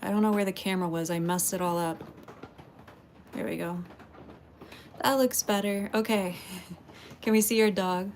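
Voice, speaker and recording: A woman's voice: medium pitch, steady tone, normal speed, pauses often, darkish tone, slight background noise. A woman from Texas, hosting a casual pottery livestream, chatting with viewers, greeting them by name and laughing often.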